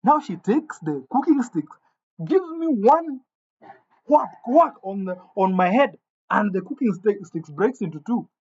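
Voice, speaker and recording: Brief: animated male storyteller, husky, muffled lo-fi sound. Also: sits high, a little slow. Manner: animated, indignant, stumbling restarts. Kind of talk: comic storytelling. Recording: dull lo-fi recording.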